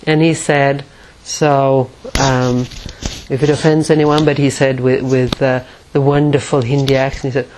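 A woman with a low voice gives a spiritual teaching talk. She speaks slowly and reflectively, with frequent pauses between her phrases. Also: level tone, a little mellow, slight background noise, low-quality recording. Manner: measured and reflective, with many pauses. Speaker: meditation teacher.

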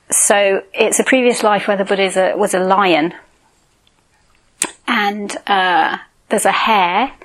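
A woman's voice: medium pitch, rough recording. Casual woman giving a dharma talk. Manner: informal, warm, chuckling asides. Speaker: meditation teacher. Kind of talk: dharma talk with story reading.

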